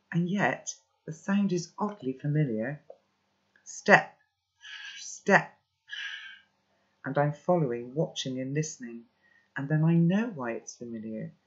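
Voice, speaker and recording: A man reading a children's novel aloud in a steady first-person narration, sometimes stepping out for brief spoken asides. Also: a little high. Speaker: storybook reader. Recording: dull lo-fi recording.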